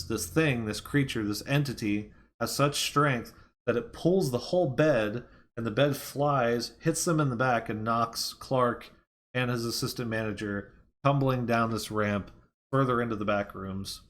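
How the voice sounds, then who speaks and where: Guy doing a movie review, rambly, lots of ums and restarts, mid pitch. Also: fairly bright tone. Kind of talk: casual film review, retelling plot.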